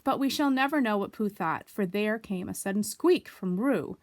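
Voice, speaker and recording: A woman reading a children's story aloud, expressive, with asides to young listeners. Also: medium pitch, normal speed. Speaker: storybook reader.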